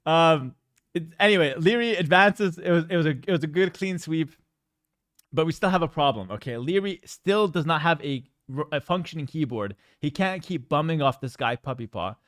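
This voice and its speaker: A man's voice: a little high, lively intonation, normal speed, fairly bright tone, no room sound. A man streaming, telling a story in a casual, joking way with exaggerated mock outrage.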